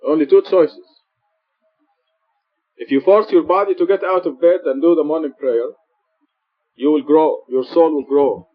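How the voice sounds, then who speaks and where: A man preaching in a mosque, earnest and explanatory, repeating his points for emphasis. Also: fairly high pitch. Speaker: preacher teaching Quran study. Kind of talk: sermon. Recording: dull lo-fi recording.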